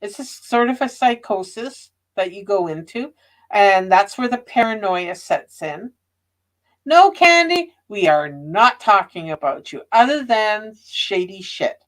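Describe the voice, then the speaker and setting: A woman's voice: mid-range voice, a little slow. A woman in casual live-stream chat, speaking bluntly and cuttingly.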